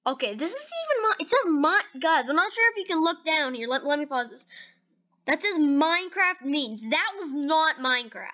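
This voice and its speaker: Her voice is high and her speed is normal as she hosts a gaming video, chatting excitedly through casual reactions. She keeps saying "okay" and "dude," and the audio sounds dull.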